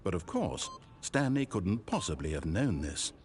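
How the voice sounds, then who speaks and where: A calm, wry male game narrator tells the story in measured scripted lines. His low voice rises and falls widely for drama. Steady noise runs beneath the game audio.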